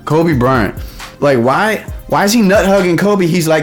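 A man's voice: on the high side, expressive, moderate pace, faint music behind. A man ranting in a casual, heated way, rambling and swearing often. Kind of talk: casual profane rant.

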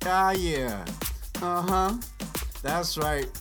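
A man's voice: sits high, very slow, over music. A man hosting a casual solo podcast, rambling profanely and slipping into sing-song freestyle rap into a podcast mic. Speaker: podcast host.

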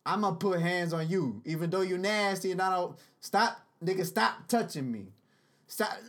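A man's voice: high-pitched, lively intonation, moderate pace, a bit bright. A man hosting a casual solo podcast, rambling profanely and slipping into sing-song freestyle rap into a podcast mic. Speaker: podcast host.

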